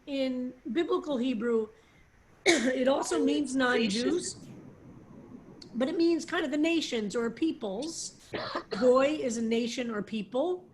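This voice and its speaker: A woman rabbi teaching a psalm class over a video call, explaining slowly with many fillers and restarts. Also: a little high.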